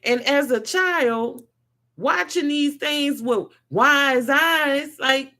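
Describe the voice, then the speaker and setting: A woman giving an impassioned spiritual monologue to a live audience, swinging from loud to soft. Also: sits high, very slow. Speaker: host.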